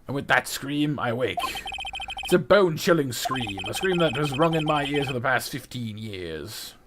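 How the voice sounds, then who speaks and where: A man voicing a haunted, brooding male prosecutor who speaks low and haltingly. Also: lively intonation, background noise, natural voice. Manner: low, halting, grave delivery.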